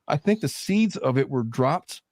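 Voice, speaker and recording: A man in his thirties hosting a casual podcast discussion, animated, swearing freely and laughing between points. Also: mid-range voice, a little slow, no echo, studio quality. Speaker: host.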